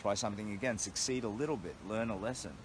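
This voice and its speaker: Earnest Australian man with a lowish voice. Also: fast, noisy background. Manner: earnest and reflective, thinking aloud with restarts. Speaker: long-distance walker livestreaming to followers. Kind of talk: casual reflective livestream talk. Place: camped outdoors at night in a storm. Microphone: phone livestream.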